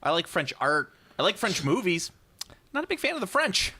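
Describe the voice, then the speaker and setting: A man hosting a gaming podcast, rambling casually and swearing as he talks. His voice is bright and his pitch moves a lot. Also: sing-song, moderate pace, slightly rough. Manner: rambling, cussing, with fillers. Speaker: podcast host. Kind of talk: casual banter.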